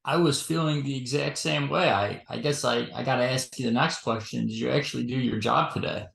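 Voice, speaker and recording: A man's voice: mid-range voice, steady tone, fairly quick, creaky, a bit bright. A man co-hosting a podcast in casual chat, rambling through his points with many fillers. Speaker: podcast co-host. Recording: roomy echo.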